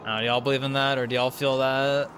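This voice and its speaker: A man's voice: mid-range voice, level tone, fast talker, fairly bright tone. A young man livestreaming a speedrun, chatting casually in a rambling way, full of fillers and chuckling asides. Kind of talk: casual chat while speedrunning. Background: game music.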